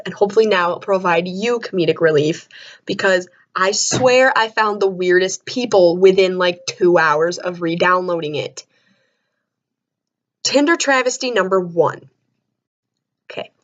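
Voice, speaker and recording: A young adult woman telling stories to camera in a casual, animated way, jumping up to high shrieks of disbelief. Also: normal speed. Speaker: vlogger. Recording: dull lo-fi sound.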